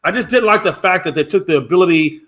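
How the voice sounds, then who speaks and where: A man's voice: high-pitched, fast talker, a bit bright, a little hiss or hum. A man co-hosting a sports talk show, opinionated and rambling with many restarts.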